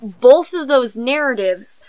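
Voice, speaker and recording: A woman's voice: high-pitched, lively intonation, slow pace, darkish tone, dry recording, poor audio. Analytical woman, dry close sound. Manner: articulate, analytical, a few fillers. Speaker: podcast co-host. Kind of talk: casual discussion.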